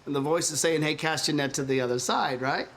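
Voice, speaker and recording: An actor playing the apostle Peter as an impulsive, chatty adult man who thinks out loud in a comic church skit film. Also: on the high side, a little fast, a little hiss or hum. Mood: excited. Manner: excitable, rambling, thinks out loud.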